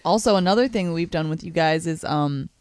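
A woman's voice: deep voice, fairly quick, darkish tone, dry recording. Giggly teasing woman, dry close sound. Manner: teasing, giggly, swears freely. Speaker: podcast co-host. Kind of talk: casual comedy podcast chat.

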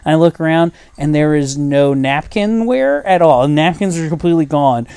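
A man telling stories in casual chat, animated, swearing freely and acting out other people's voices. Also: on the high side, normal speed, smooth, dry recording. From United States.

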